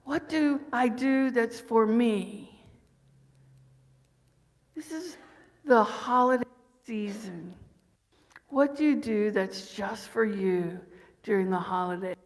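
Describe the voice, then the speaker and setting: A woman's voice: on the high side, takes it slowly, long pauses. Woman minister preaching in a reverberant hall. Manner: warm conversational preaching with rhetorical questions. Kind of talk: sermon. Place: church sanctuary.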